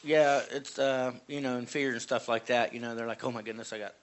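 A man's voice: medium pitch, fairly even intonation, fairly quick. A man in a church group offering a comment, hesitant and full of fillers. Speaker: congregation member. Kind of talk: casual comment in group discussion.

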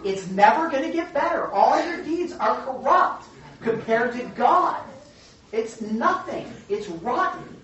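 A woman leading a Bible study, teaching in a chatty, animated storytelling way. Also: fairly high pitch, far from the mic. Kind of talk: casual teaching. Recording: echoey room from afar, dull.

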